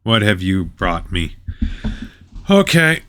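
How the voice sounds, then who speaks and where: Bright, crisp-voiced sarcastic male commentator. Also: deep voice, big pitch swings, takes it slowly. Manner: sarcastic, mocking asides. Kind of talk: reaction commentary reading a web page aloud.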